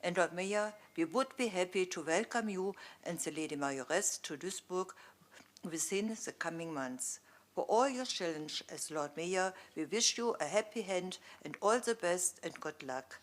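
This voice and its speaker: A woman with a German accent gives a formal address in English, her second language, carefully and a little haltingly. Her voice sits somewhat low for a woman. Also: lively intonation. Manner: careful, slightly halting, clears throat. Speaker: visiting civic representative. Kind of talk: formal ceremonial speech.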